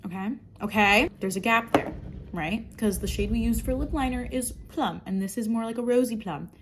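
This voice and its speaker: A woman's voice: fairly high pitch, normal speed, slight background noise. A woman chatting casually through her makeup routine, rambling and sarcastic, swearing freely. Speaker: makeup vlogger. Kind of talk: casual get-ready-with-me chat.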